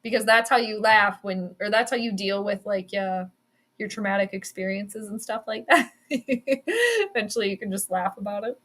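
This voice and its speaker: A woman's voice: medium pitch, animated, normal speed, fairly bright tone. A woman hosting a sports show in a casual livestream chat, bubbly and chatty, laughing often as she reads viewer comments. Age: adult. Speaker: sports podcast host.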